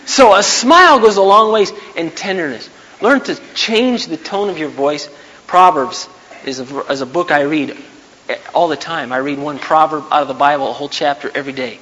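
A man giving a sermon in a conversational, storytelling manner, with sudden loud bursts. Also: on the high side, normal speed. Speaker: preacher. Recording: hall reverb, faint background noise.

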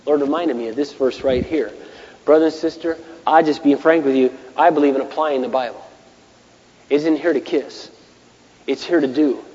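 A man preaching a sermon as pastor, impassioned, dropping to hushed asides and rising to shouted bursts. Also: fairly high pitch, moderate pace. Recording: muffled echoey hall.

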